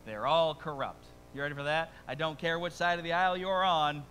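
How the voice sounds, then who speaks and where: A male pastor delivers a sermon in a church, talking to the congregation in a loose, conversational way that keeps climbing into emphatic peaks. His voice is bright and forceful and sits a bit high for a man. A faint hum runs under it. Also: a little fast, rough recording. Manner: conversational, animated preaching with asides and rising emphasis. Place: church sanctuary before a congregation.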